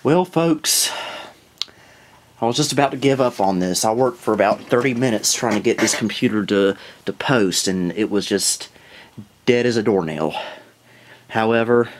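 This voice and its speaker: A fairly low-voiced man talks through his computer build, chatty and self-mocking. He sounds a little out of breath, recorded on a camera mic with a faint hiss behind him. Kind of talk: casual filmed narration.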